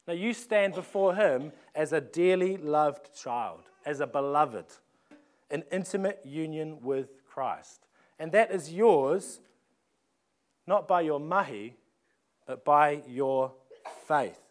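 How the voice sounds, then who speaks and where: Conversational New pastor, higher voice. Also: male voice, animated, takes it slowly. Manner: conversational, with frequent restarts and rhetorical questions. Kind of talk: sermon.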